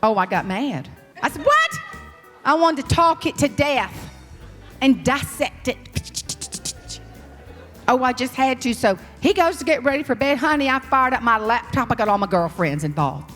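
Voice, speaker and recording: A woman with a Southern US accent, a motivational speaker telling folksy, animated stories in a humorous keynote. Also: sits high, moderate pace, in a large hall, faint music behind. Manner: animated, folksy, slips into character voices. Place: large hall on stage.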